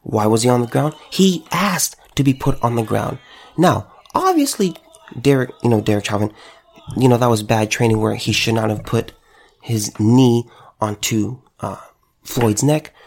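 A man's voice: mid-range voice, lively intonation, moderate pace, creaky, a little mellow. A man who runs a store, delivering an impassioned monologue to camera, emphatic and repeating phrases for stress. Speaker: store owner.

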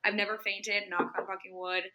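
A woman's voice: mid-range voice, flat delivery, normal speed, bright, forceful tone. A young woman co-hosting a podcast, telling a story in casual, chatty talk that is full of swearing. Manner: chatty, swears freely, acts out her own panicked inner voice. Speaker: podcast co-host. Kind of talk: casual chat.

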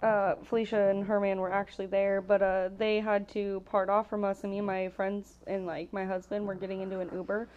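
A woman's voice: medium pitch, level tone, a little fast, few pauses, narrow, tinny audio. Young woman co-host, casual podcast chat, bawdy and crude, swears freely.

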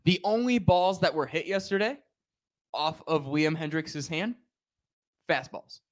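A man's voice: fairly high pitch, animated, measured pace. A man hosting a casual sports podcast, making his points at length and with emphasis. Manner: talkative, emphatic, lays out numbered points.

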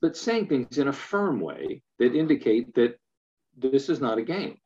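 A man's voice: medium pitch, big pitch swings, a little slow, darkish tone. A man in casual conversation, thoughtful and explanatory, often repeating words as he works through an idea. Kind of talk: casual chat. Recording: dull lo-fi sound.

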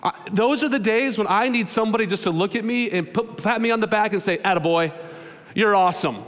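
High-voiced pastor preaching in a hall. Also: male voice, fast talker. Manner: conversational, animated storytelling with quoted voices. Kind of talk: sermon. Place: church sanctuary.

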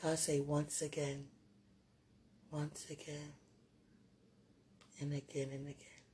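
A woman speaking softly and tenderly to a loved one in an intimate, prayerful monologue, halting and often trailing off to a murmur. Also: sits low, flat delivery, slight background noise.

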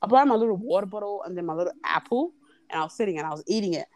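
Fast-talking young woman telling a story. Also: medium pitch. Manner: animated, acts out quotes, swears freely. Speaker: podcast guest. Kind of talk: casual chat, storytelling.

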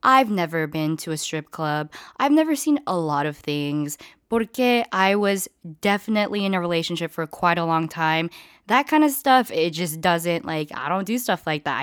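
A woman in her twenties casually telling a story, animated and swearing freely, with squealed quotes. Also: fairly low pitch, dry recording, studio quality. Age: 20s.

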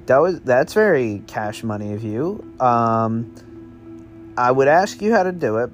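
A man making up a spooky story as he goes, in a meandering, offhand, slangy way. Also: mid-range voice. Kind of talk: improvised spooky story narration.

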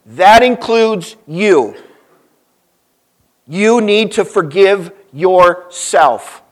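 A male pastor preaching a sermon, telling a story and swinging between loud emphasis and soft, low asides. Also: lively intonation, very slow.

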